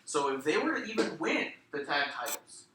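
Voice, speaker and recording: A blunt, sarcastic man talks wrestling in casual, profanity-laced chat. His voice is very bright and cutting, and it comes from a little way off the mic in an echoey room with faint noise behind it. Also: on the high side, big pitch swings, moderate pace, recorded from a distance. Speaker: podcast co-host.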